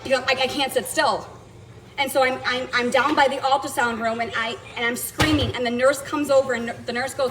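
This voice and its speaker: A woman's voice: high-pitched, fairly even intonation, fairly quick, fairly bright tone, rough recording. A woman venting to viewers in a blunt, indignant storytelling rant, swearing as she goes. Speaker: vlogger telling a personal story.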